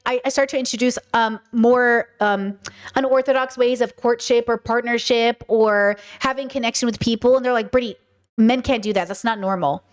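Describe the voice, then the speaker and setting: A woman hosting a podcast in a casual monologue, animated and blunt, swearing freely and often restarting her sentences. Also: a little high. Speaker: podcast host.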